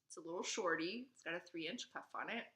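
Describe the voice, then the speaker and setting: A woman co-hosting a casual podcast, telling stories in an animated, ranting way with frequent laughter. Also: on the low side, quick pace, echoey room. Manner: animated, ranting storyteller who laughs often. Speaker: podcast co-host. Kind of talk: casual chat.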